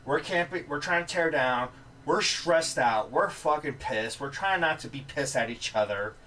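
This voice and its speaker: Guy on a podcast swearing thru a story, lively pitch, kinda far from the mic with a bit of hiss. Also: moderate pace. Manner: profane, animated storyteller. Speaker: podcast co-host. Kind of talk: casual storytelling chat. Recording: distant mic with faint noise.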